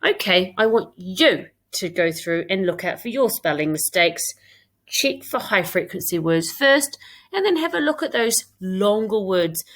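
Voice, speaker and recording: A woman's voice: mid-range voice, big pitch swings, a little slow, fairly bright tone. A woman with a British accent, a primary school teacher giving a recorded English lesson to young pupils. She reads her own writing aloud and talks it through step by step.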